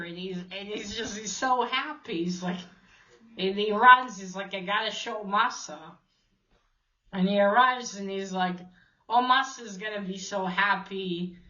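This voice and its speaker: A woman's voice: medium pitch, bright, forceful tone, muffled recording. A woman casually retelling a comic book story, hesitant, with many fillers and restarts.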